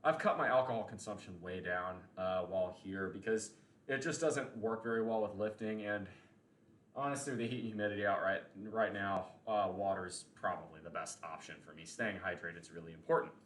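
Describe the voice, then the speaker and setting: A man's voice: on the low side, fairly quick, fairly bright tone, roomy sound, a little hiss or hum. A man hosting a livestream show, chatting casually and giving opinions at length, often restarting his sentences. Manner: rambling, opinionated, frequent restarts and fillers. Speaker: podcast host.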